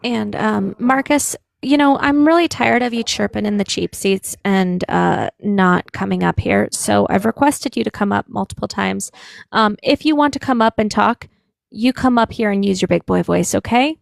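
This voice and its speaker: A woman's voice: mid-range voice, normal speed, vocal fry, no echo, clean studio sound. A woman hosting a political debate on a live stream, blunt and teasing as she scolds guests and thanks viewers. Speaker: livestream host.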